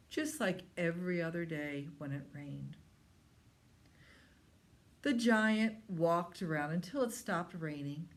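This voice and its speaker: A woman librarian reading a story aloud to young children in an expressive storytime manner. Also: low voice. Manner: slow, expressive, talks to young listeners.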